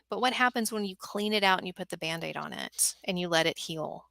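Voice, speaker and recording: Bright, earnest middle-aged woman speaker. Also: mid-range voice, normal speed, gravelly, dry recording. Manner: earnest, animated storytelling with acted quotes. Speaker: podcast host and workshop speaker for moms. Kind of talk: guest on a talk show.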